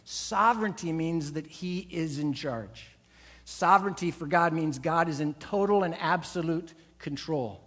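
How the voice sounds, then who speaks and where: A man's voice: a little high, measured pace, fairly bright tone. A man preaching a sermon as a pastor, emphatic, acting out quoted voices and leading the congregation in call-and-response. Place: church sanctuary.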